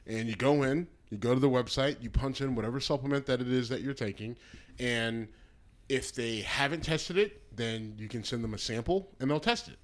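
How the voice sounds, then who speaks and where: A man's voice: mid-range voice, normal speed. A man co-hosting a casual podcast, talking bluntly and throwing in crude jokes. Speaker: podcast co-host. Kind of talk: casual chat.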